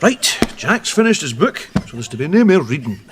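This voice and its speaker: Exasperated old Scottish man, lecturing, grumbling, wildly swinging pitch, noisy background. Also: sing-song, moderate pace. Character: irritable old Scottish man, know-it-all reader. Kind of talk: sketch comedy acting. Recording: background noise.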